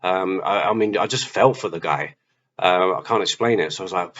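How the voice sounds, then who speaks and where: This Christian vlogger speaks a little fast in a low-pitched voice while telling his testimony story, animatedly playing out his own earlier lines. Faint hiss runs through the slightly dull recording.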